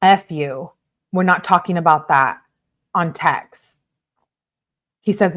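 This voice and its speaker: A woman's voice: lowish voice, slow pace, pauses often, a bit bright. A woman commenting on a true crime case, reading text messages aloud with emphatic delivery and bleeping out her own swear words.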